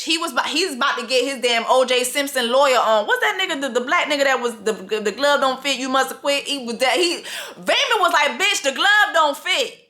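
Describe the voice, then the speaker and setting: A woman recaps a TV episode in a comedic rant, her voice high and bright. She swears freely, laughs a lot, and acts out the characters in quick bursts.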